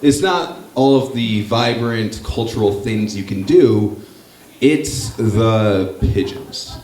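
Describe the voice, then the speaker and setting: This young Canadian comedian from Northern Ontario has a fairly low, darkish voice and speaks slowly. He's doing crowd work on stage, bantering loosely, cursing, and making fun of himself. The live comedy-club recording carries echo and audience sound.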